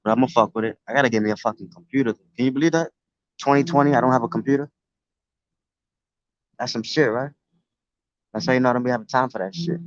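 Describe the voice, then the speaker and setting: A man's voice: medium pitch, fast, long pauses, dry recording. A man with a New York accent talks loosely and profanely to his viewers on a casual live stream. He is recorded outdoors on a phone. The sound is dry and a bit dull. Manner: loose, profane street talk. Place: outdoors near the beach.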